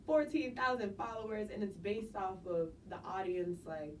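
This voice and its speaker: A woman's voice: mid-range voice, moderate pace. Laid-back young woman, heard from afar. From New Jersey. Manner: laid-back, laughs often, lots of "like". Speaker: guest artist. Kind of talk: casual interview chat. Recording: distant mic with faint noise.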